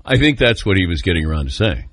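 A man's voice: deep voice, fast, dry recording. A man hosting a sports call-in radio show, telling stories with a laugh and taking callers. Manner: storytelling, animated, laughs often.

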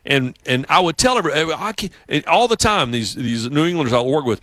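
A Southern man hosting a sports radio show, with a bright, forceful voice on a dry studio mic. He tells stories in an animated way and jumps into character voices. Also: fairly high pitch, fast, few pauses, no room sound. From South Carolina, US. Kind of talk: casual sports radio chat. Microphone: studio microphone.

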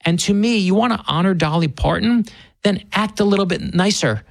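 A man's voice: high-pitched, fairly quick, gravelly, dry recording. A man being interviewed as an author guest on a talk radio show, speaking in an earnest, emphatic way and often repeating words as he starts a thought.

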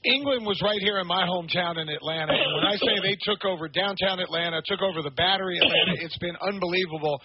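A man's voice: high-pitched, fast talker, hardly any pauses, dull audio, crowd noise. An enthusiastic, chatty man hosting a radio sports talk show.

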